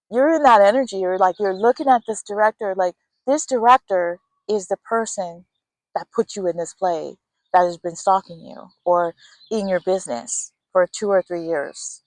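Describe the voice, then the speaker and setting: Animated woman giving a spiritual reading. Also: mid-range voice, no room sound, rough recording. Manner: animated, acts out quoted voices. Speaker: tarot reader. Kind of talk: intuitive reading to camera.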